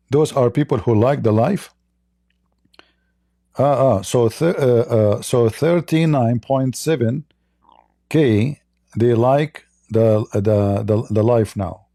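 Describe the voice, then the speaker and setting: A man hosting a livestream debate, talking casually in a slow, halting, mocking way. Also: mid-range voice, creaky, warm tone, no room sound, studio quality.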